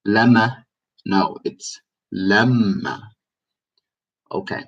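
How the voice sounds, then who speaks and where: Male teacher, lowish voice, casual live lesson, mic at a distance. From Egypt. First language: Egyptian Arabic. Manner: explanatory, repeats words for emphasis. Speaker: language teacher.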